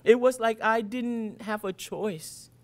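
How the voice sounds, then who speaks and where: A man, the author, giving an expressive first-person reading of his fiction in a colloquial storytelling manner. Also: high-pitched, takes it slowly.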